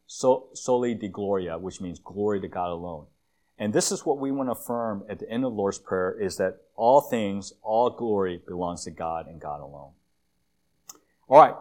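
A man giving a conversational church sermon with slides, a self-described long-winded speaker who often fills pauses and restarts phrases. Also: on the low side, a little mellow. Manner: conversational, with frequent fillers and restarts. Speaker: guest preacher.

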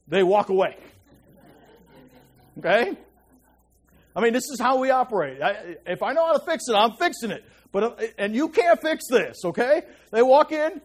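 Speaking in a very high pitch, a man leads a conversational Bible lesson. He keeps checking in with listeners and goes hushed when stressing something important.

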